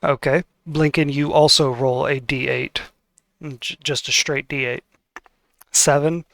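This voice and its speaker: A man's voice: mid-range voice, steady tone, unhurried, gravelly, fairly bright tone. Hesitant man running a tabletop game. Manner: hesitant, with many fillers. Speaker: game master.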